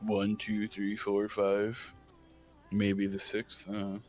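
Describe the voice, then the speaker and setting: A man's voice: on the low side, monotone, slow pace, a little mellow, faint music behind. A man co-hosting a casual gaming morning show, goofy and offhand, reading birthdays with mix-ups. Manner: goofy, offhand, mixes up names.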